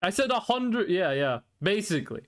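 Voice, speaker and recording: A streamer in a casual live-stream chat, rambling and excitable and often repeating words. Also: mid-range voice, moderate pace.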